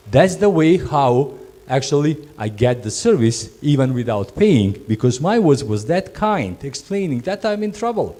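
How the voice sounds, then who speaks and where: A man's voice: medium pitch, sing-song, normal speed, mellow. A man training job candidates in hospitality, speaking non-native English in an emphatic way and often repeating and restarting his words. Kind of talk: instructive talk to job candidates.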